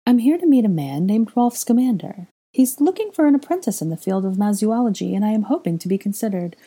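A woman's voice: medium pitch, lively intonation, fast talker, warm tone, husky, pitched above the performer's own voice. A woman voicing an airy, blunt young witch who speaks lightly and without tact.

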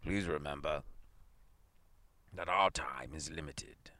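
A man reading aloud, voicing an aged, stern male astronomer in a gruff, hushed voice. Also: a bass voice, takes it slowly, dry recording, voice pushed down, full character voice. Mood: grim.

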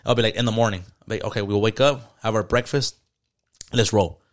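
Fast-talking man swearing through a story. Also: lowish voice. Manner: storytelling with heavy swearing and slang. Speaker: podcast co-host. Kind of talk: casual chat.

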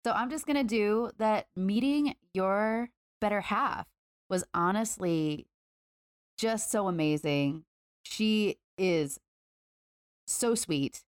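A woman's voice: medium pitch, slow, no room sound, clean studio sound. Upbeat, chatty woman on a podcast. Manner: upbeat, chatty, heavy fillers. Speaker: podcast co-host. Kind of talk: casual podcast chat.

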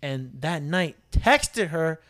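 A young man co-hosting a podcast, telling an animated story in casual chat and swearing freely. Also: on the high side, slow. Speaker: podcast co-host.

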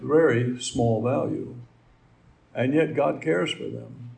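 Gravelly man preaching in a folksy way. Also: medium pitch, slow, darkish tone. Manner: folksy, rambling, with asides and fillers. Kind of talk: conversational sermon.

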